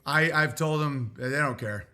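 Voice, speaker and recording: Bright-voiced man rambling on a stream. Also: fairly high pitch, clean tone. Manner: rambling, halting. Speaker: streamer reading viewer letters. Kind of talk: livestream monologue.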